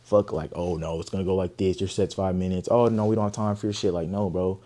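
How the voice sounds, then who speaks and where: A young man from Oakland, telling a story in an interview, animated, profane and emphatic. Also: deep voice, fast talker. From Oakland, California. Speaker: guest artist.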